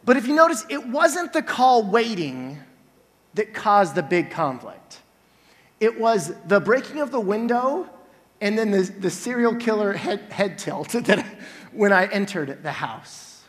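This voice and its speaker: A man in his forties preaching a sermon, telling a family story with lively acted-out scenes. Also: sits high, measured pace. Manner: animated storyteller, acts out scenes loudly. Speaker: pastor. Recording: long hall reverb.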